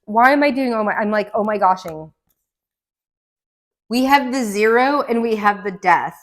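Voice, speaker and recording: A woman giving a casual tarot card reading at home, rambling and excitable, with gasps and laughs between her thoughts. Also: medium pitch, moderate pace. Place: indoor room. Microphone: camera mic.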